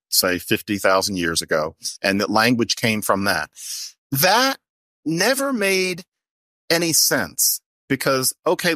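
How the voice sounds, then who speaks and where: A man's voice: mid-range voice, no echo. A man talking as a guest, explaining ideas conversationally. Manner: animated, expressive intonation. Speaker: guest linguist.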